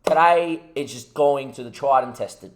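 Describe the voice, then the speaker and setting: A man's voice: mid-range voice, unhurried, echoey room. A young man ranting about a football management game, swearing heavily as he commentates his gameplay. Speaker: gaming YouTuber.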